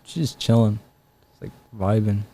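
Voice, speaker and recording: A young man who works as a street evangelist tells stories in a casual interview, rambling with lots of fillers and acted-out dialogue. His voice is fairly low and mellow, with little pitch movement and an unhurried pace.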